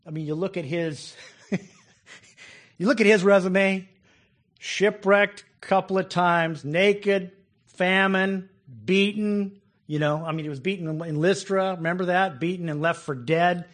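A man's voice: sits high, a little slow, fairly bright tone. Chuckling man preaching a casual sermon. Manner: conversational, laughs often, acts out quoted complaints.

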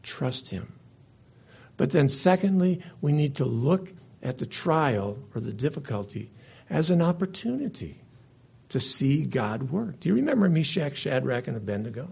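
A man's voice: on the high side, big pitch swings, moderate pace, vocal fry, darkish tone, husky. A man preaching a sermon as pastor, earnest and conversational, sometimes restarting his words. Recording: dull lo-fi recording.

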